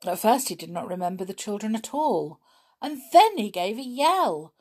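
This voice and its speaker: A woman reading a children's book aloud in a lively way, giving the characters voices. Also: lowish voice, moderate pace, creaky, husky. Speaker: storybook reader.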